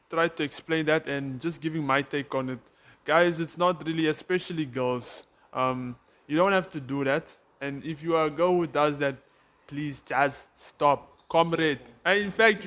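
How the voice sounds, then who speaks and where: A man's voice: on the high side, fairly bright tone. A South African man co-hosting a podcast, rambling and joking in casual chat. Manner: jokey, rambling. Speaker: podcast co-host.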